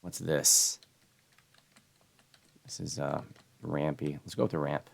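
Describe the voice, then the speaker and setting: A very deep-voiced man chats while he plays a video game on stream. He is relaxed and jokes a lot. The talk is loose and casual. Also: slow, gravelly. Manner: joking, relaxed. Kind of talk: casual gameplay chat.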